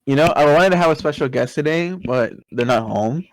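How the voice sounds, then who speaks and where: A man co-hosting a podcast in casual chat, joking and swearing, with sudden loud outbursts. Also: on the high side, animated, brisk, dry recording, poor audio. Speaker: podcast co-host.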